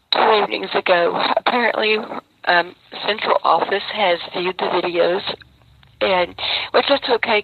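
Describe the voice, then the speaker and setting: A woman inmate recounting events on a phone call in a steady, defiant way. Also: fairly low pitch, gravelly, no room sound.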